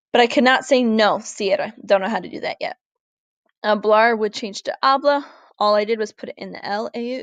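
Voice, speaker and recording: Woman teacher explaining grammar clearly. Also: mid-range voice, dry recording. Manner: clear, deliberate, slows down to model Spanish words. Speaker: Spanish teacher. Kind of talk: recorded classroom lesson over slides.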